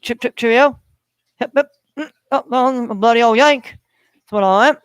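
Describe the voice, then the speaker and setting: A man's voice: very high-pitched, normal speed, a bit bright, clear, resonant tone, dry recording, voice pushed up. A man doing a cheeky mock English gent. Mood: jokey. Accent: put-on English. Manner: jokey, exaggerated.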